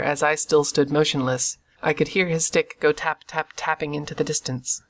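An audiobook reader narrating a classic adventure novel in a steady, measured storytelling voice. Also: medium pitch.

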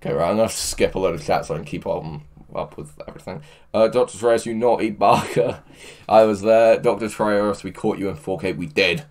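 A man's voice: on the low side, fairly quick, darkish tone. A man hosting a livestream, reading chat aloud in a crude, joking way and laughing often. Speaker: livestream host. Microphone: headphones with mic.

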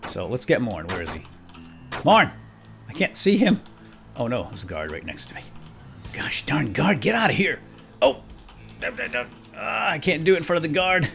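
A man's voice: fairly high pitch, big pitch swings, normal speed, gravelly, pauses often, fairly bright tone, faint music behind. A man chatting his way through a video game as a let's play host, talking to himself and chuckling often. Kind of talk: gameplay commentary.

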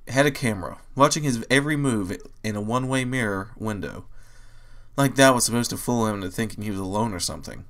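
A man reading fan fiction aloud as a narrator, in steady storytelling. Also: lowish voice, fast. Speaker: audiobook reader.

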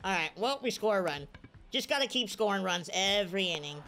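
A woman's voice: medium pitch, a little fast, vocal fry, music in the background. A woman giving live video game commentary, cheering and groaning at every play. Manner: excitable, cheers and groans at plays. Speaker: gaming streamer.

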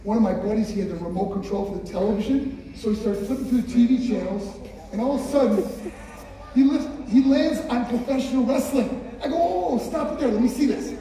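A man's voice: sits high, fairly quick, warm tone. A man giving a motivational speech to a school assembly, telling his story with emphasis and speaking straight to the audience. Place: large hall with an audience. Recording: echoey hall from far off.

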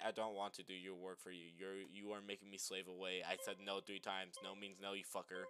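A man's voice: sits low, monotone, a little fast, hardly any pauses, music in the background. A man giving casual, sarcastic let's-play commentary, mumbling and swearing as he plays. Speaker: gamer, video creator.

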